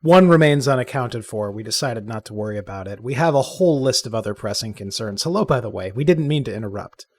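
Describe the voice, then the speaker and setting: Man, tabletop player, dry and formal, husky voice. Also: medium pitch, lively intonation, fast, few pauses, no echo. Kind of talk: tabletop role-play in character.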